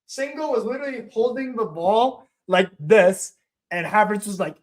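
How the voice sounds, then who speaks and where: Man, live stream host, match watch-along, profane, ranting, fairly high voice. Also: normal speed.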